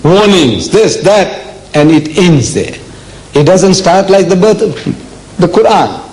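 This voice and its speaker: A man's voice: high-pitched, animated, a little mellow, poor audio. Emphatic older man lecturing on religion. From South Africa. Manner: emphatic, rhetorical questions to the audience; slow, deliberate delivery with dramatic pauses.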